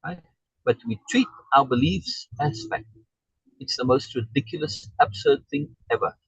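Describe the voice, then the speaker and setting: A man's voice: fairly high pitch, big pitch swings, normal speed, gravelly, slightly rough, dry recording, rough recording. A man coaching someone over a video call, emphatic and repeating key words for stress. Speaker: life coach.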